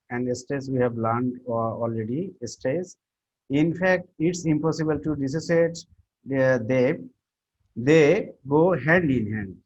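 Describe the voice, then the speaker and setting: A man lectures students on pronunciation, stopping and restarting often and filling pauses with "uh" and "you know". His voice is husky. The recording sounds dull and muffled. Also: mid-range voice, a little mellow. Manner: halting, repeats himself, many fillers and restarts. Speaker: English teacher.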